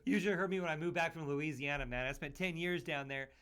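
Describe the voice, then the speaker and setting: A man's voice: fairly high pitch, fast talker, fairly bright tone, smooth. A man from Utah hosting a podcast, chatting casually in an upbeat, joking way, full of "man" and "dude". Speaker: podcast host.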